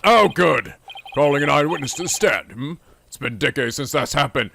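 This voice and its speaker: Man doing a formal old judge, gravelly and bright. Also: fairly high pitch, lively intonation, moderate pace, a little hiss or hum, voice pushed down, heavily acted. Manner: formal, wry courtroom speech. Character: old bearded male judge, dry and formal.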